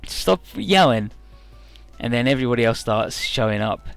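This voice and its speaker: A let's play commentator sarcastically and crudely summarizes a game's story, jokingly mocking the dialogue and giving characters a squeaky falsetto. His animated voice is clear and resonant with a fairly bright tone and vocal fry, at normal speed, with no room sound and soft music in the background.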